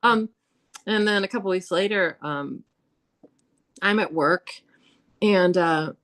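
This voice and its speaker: A woman telling ghost stories as a podcast guest, animated and chatty, acting out quotes with frequent laughs. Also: lowish voice, slow pace. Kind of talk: casual storytelling about hauntings.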